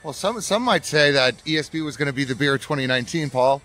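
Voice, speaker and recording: A man's voice: on the high side, fast, fairly bright tone, faint music behind. A man, a brewery guest, joking and chatting casually.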